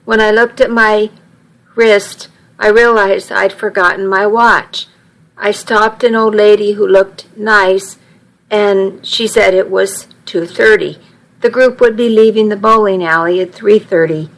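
A woman's voice: mid-range voice, steady tone, unhurried, rough recording. A woman reading a first-person story aloud, with small slips and restarts as she goes. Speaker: narrator.

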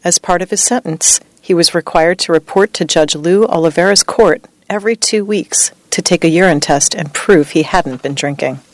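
A woman reading a true story as scripted narration, with a measured, even delivery. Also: lowish voice, no room sound.

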